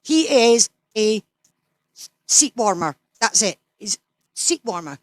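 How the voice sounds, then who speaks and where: A woman's voice: mid-range voice, very animated, takes it slowly. Blunt, foul-mouthed Scottish woman in her sixties. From Scotland. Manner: blunt, swears freely, ranting. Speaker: interview guest. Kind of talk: casual chat.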